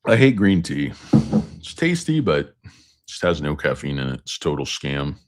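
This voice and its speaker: Very deep-voiced joking stock streamer. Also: male voice, sing-song, moderate pace. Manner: rambling, joking, self-mocking. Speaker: stock market livestream host. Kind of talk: casual livestream chat reading viewer comments.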